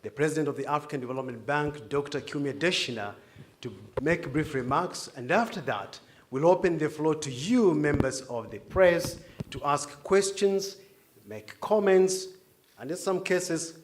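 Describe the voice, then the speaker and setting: A man, a communications director, moderating a formal press conference with ceremonial, upbeat introductions and pauses. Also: fairly high pitch, animated, slight background noise. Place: large conference hall.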